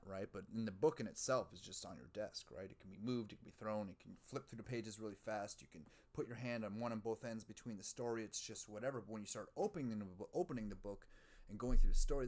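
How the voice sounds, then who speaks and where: A man's voice: on the low side, a little fast, a little mellow. A man hosting his own podcast, rambling casually and profanely, musing aloud and mocking himself. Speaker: podcast host.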